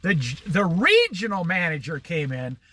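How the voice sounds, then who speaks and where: A man's voice: on the high side, normal speed. A middle-aged man telling a casual story, acting out the people in it with a raised voice and laughing at his own tales. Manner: animated, acts out quotes with a raised voice. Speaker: vlogger.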